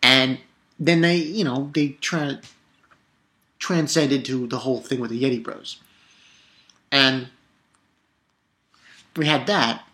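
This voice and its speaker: A man's voice: medium pitch, steady tone, slow, pauses often, sharp tone. A young man casually recapping a cartoon episode, rambling and swearing, with lots of fillers and restarts. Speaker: anime episode reviewer.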